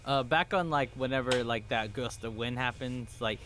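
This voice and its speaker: A man's voice: medium pitch, moderate pace, a bit bright, a little hiss or hum. A man chiming in on a movie discussion in an easygoing, conversational way. He fills his sentences with "like" and talks in a plain mid-range voice. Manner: laid-back, hedges with "like" often. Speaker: podcast co-host. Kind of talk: casual chat.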